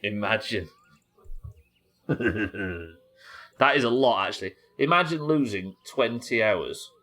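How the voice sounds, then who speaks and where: Low-voiced streamer, profane and jokey. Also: male voice, animated, slow, fairly bright tone. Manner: chatty and profane, joking with chat. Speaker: gaming livestream host. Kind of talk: casual live commentary while gaming.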